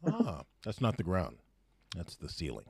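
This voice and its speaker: A man's voice: sits low, wildly swooping pitch, a little slow, gravelly, husky, no echo. A man hosts a casual podcast chat, laughing often as he talks. His voice swings widely up and down. The recording is dry and close. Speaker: podcast host.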